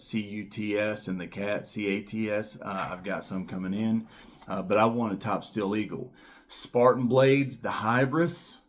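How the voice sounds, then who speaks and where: A man in his thirties hosting his own knife channel, talking casually to camera in a rambling, enthusiastic way with lots of fillers and repeated words. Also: fairly low pitch. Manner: repeats key words for emphasis. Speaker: knife reviewer and channel host.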